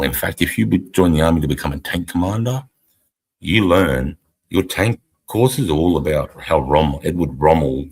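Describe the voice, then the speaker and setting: A man's voice: a bass voice, creaky, breathy edge. A middle-aged Australian man, an army veteran, talking bluntly and profanely in rambling casual chat on a live stream. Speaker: army veteran podcast co-host.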